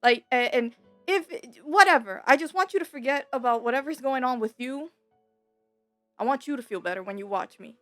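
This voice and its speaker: A woman's voice: high voice, brisk, pushed and bright, soft background music. Young woman confiding with rambling fillers. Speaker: gaming YouTuber. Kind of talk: candid personal vlog talk. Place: home.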